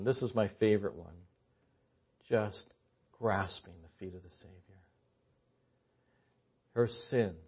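A man's voice: fairly low pitch, slow, long pauses, breathy edge. Preacher man, dull lo-fi sermon recording. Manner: builds from quiet musing to loud impassioned preaching.

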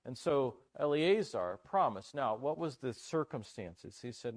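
A man delivers a conference sermon with a lively, swinging voice that climbs when he presses a point. He talks to the congregation in a casual, joking way. The recording is dry and close. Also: mid-range voice, a little slow, few pauses, no echo. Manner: animated, conversational, jokes with the audience. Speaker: preacher.

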